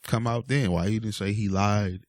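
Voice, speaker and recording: Low-voiced man ranting casually. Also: fairly even intonation, normal speed, no room sound. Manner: exasperated, rambling with many fillers. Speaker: vlogger. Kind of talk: casual rant to camera.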